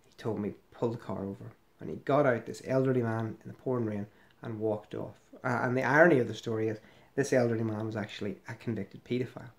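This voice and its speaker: A man's voice: medium pitch, fairly even intonation, fast talker, gravelly. A middle-aged man giving casual, sarcastic commentary as he scrolls through a website, rambling with fillers and restarts. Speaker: ex-member commentator.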